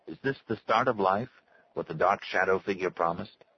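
A man's voice: sits low, normal speed, slightly rough, highs cut off. A man voicing a frightened, trapped old man who begs for help. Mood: pleading.

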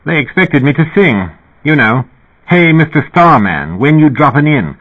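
A man's voice: medium pitch, lively intonation, moderate pace, breathy edge. A man voicing a genial, amused male musician with a slight British accent and a twinkling, lilting manner. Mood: chatty. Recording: tinny phone-like audio.

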